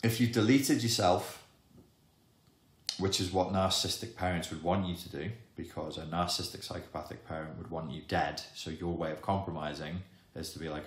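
Deep-voiced man in an echoey room. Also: fairly even intonation. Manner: emphatic, wry, with dramatic pauses. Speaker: self-help educator. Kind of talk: explanatory monologue to camera.

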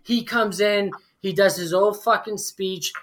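A man's voice: high voice, steady tone, a little slow, fairly bright tone. A tipsy man in his forties, a podcast guest, telling a story in a casual, profane way with lots of fillers. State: tipsy from drinking.

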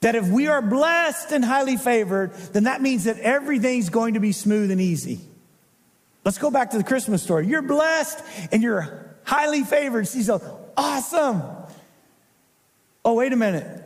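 A man preaching as a pastor, dramatic, swinging from loud emphasis to hushed intensity. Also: very high-pitched, lively intonation, moderate pace, in a large hall. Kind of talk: sermon. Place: church.

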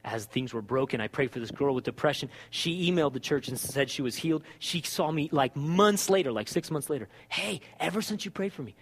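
A man preaching a sermon as a pastor, telling stories with lively acted-out dialogue. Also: mid-range voice, fairly quick, hardly any pauses, in a large hall. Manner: animated storytelling, acts out dialogue.

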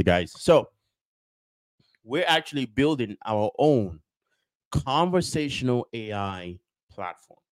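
A man hosting a casual podcast, rambling and repeating himself with lots of fillers, upbeat like a sales pitch. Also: no room sound. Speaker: podcast host.

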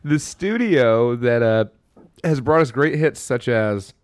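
A man co-hosting a podcast in casual chat, excitable and profane. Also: medium pitch, takes it slowly, clean tone, no room sound, clean studio sound. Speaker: podcast co-host.

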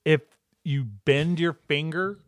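A man's voice: fairly high pitch, takes it slowly, no echo. A man casually chatting as co-host, telling a story with lots of swearing and acted-out quotes. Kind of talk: casual chat.

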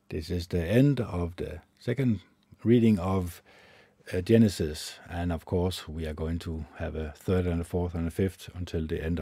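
A man reads scripture aloud in a low, mellow voice with a husky edge. He keeps a measured pace and trips over a word now and then. The sound is close and dry. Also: no echo. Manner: measured reading with occasional stumbles. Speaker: scripture reader.

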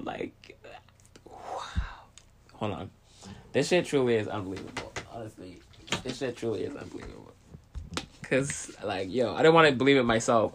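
A man's voice: medium pitch, a bit bright. Rambling, profane young man, out of breath. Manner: rambling, profane, repeats "okay?". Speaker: video host. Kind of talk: casual monologue to camera.

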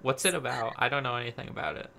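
A man's voice: mid-range voice, very fast, creaky, sharp tone. A young man on a casual podcast, giving brief laid-back replies.

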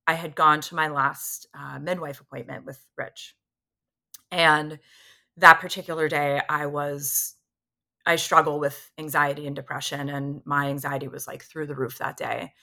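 Woman guest, 30s, low voice with a bright, forceful edge, candid animated storyteller. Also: unhurried. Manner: candid, animated retelling that acts out what others said. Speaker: podcast guest. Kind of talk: personal storytelling in a conversation.

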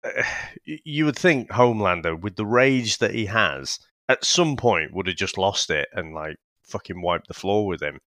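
A man's voice: lowish voice, animated, moderate pace, pushed and bright, dry recording, studio quality. A man with a northern English accent co-hosting a casual review podcast, rambling and swearing freely with lots of restarts. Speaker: podcast co-host.

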